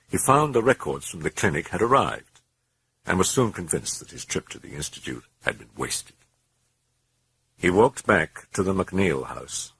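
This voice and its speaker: A man giving a grave, measured dramatic audiobook narration. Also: sits low, gravelly, fairly bright tone, husky, dry recording.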